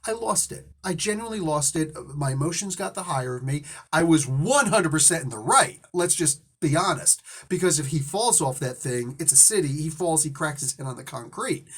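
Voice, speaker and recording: Husky man telling a story, indignant. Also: a little high, lively intonation, fairly quick, few pauses. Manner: rambling, indignant. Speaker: host. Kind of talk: casual storytelling.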